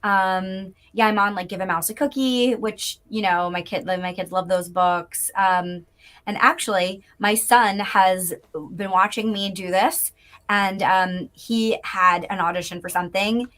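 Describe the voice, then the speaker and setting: Female voice actor guest, mid-pitched, chatty and bubbly, filler-heavy, on a video call. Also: fairly even intonation, a bit bright. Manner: chatty and bubbly, many fillers, quick laughs. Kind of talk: casual live interview chat.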